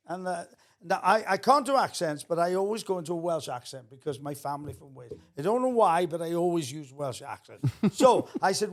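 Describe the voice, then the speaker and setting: A man's voice: high-pitched, lively intonation, fairly quick. An older man, a former radio phone-in host, telling stories on a casual podcast and acting out the voices of the people in them. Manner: anecdotal, acts out quoted voices, laughs while telling.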